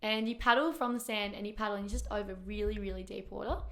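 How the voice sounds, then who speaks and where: A woman's voice: mid-range voice, steady tone, quick pace. A young woman, a pro surfer as guest, chatting casually, giggly and loose with lots of fillers. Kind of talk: casual chat.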